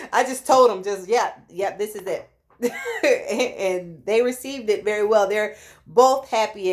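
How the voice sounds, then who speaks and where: A woman in her late thirties telling a personal story in a casual vlog, lively and acting out what people said. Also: medium pitch. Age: 30s. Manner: animated, acts out quoted voices. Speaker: vlogger.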